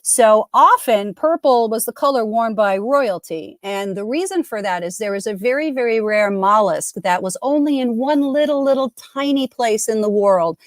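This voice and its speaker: A woman's voice: fairly high pitch, animated, normal speed, hardly any pauses, dry recording, studio quality. A middle-aged woman hosting a live trivia game, chatting casually and upbeat, often breaking off mid-sentence. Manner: chatty, upbeat, self-interrupting. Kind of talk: casual live-stream chat.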